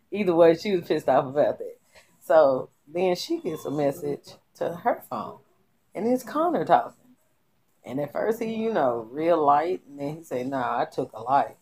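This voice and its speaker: A woman giving an animated, slangy recap of a TV show, talking straight to her viewers. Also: deep voice. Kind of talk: casual TV recap commentary.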